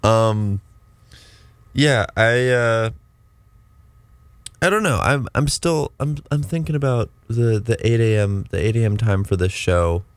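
A man's voice: medium pitch, lively intonation, unhurried, long pauses, clear, resonant tone, dry recording. A young man hosting a college radio show, chatting casually and rambling with lots of restarts. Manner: rambling, restarting, self-deprecating. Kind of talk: casual on-air chat.

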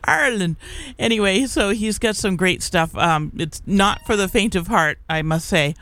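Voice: mid-range voice, a bit bright. A middle-aged community radio DJ chatting casually on air in the studio. They ramble and restart their sentences often, fill gaps with "uh" and "um", and chuckle easily. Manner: rambling and halting, full of fillers and restarts. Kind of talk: casual live radio chat.

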